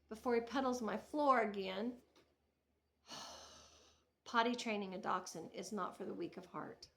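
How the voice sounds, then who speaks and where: A middle-aged woman talks to her viewers in a chatty, rambling way, laughing as she tells family stories. Her voice is bright and sits a little high. She often stops and restarts her sentences. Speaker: knitting vlogger. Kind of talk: casual storytelling to camera.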